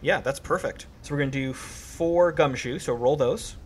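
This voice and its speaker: A man running a tabletop horror game as game master, calm and encouraging, with faint background noise. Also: mid-range voice, normal speed. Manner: calm, encouraging, dramatic narration at the close.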